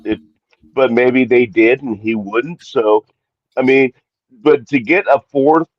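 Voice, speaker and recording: A man's voice: medium pitch, takes it slowly, no echo, lo-fi sound. A man co-hosting a podcast in casual sports chat, rambling and correcting himself with exasperated asides. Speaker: podcast co-host.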